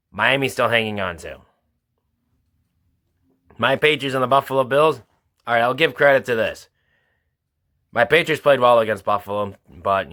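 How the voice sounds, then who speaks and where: A man with a bright, sharp-edged voice runs through his weekly football picks. His delivery is informal and halting. He sounds like a regular host of his own show. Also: mid-range voice. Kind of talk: casual football picks commentary.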